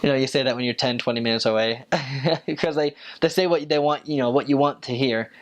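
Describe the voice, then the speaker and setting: A young man, a returned missionary, telling stories in a relaxed, casual way, with lots of fillers, and jumping up in pitch when he quotes people. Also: fast. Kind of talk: casual storytelling.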